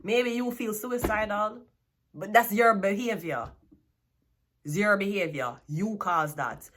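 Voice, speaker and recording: A woman's voice: medium pitch, takes it slowly, fairly bright tone. A Jamaican woman giving a tarot reading, blunt and scolding, with plenty of swearing. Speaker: tarot card reader.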